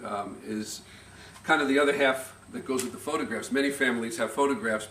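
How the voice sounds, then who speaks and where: Recorded from a distance in an indoor party room, this amateur clip catches a middle-aged family member's informal speech in echoey sound over a faint hum of ambience. His voice is mid-range, and a touch of nerves shows as he shares anecdotes, pausing, restarting and chuckling softly.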